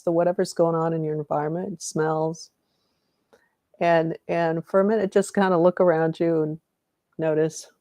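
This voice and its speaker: Low, gravelly woman guiding a meditation. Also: dark tone, no echo. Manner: rambling, self-correcting, greets viewers by name. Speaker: energy healing meditation host. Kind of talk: live-streamed guided meditation and chat.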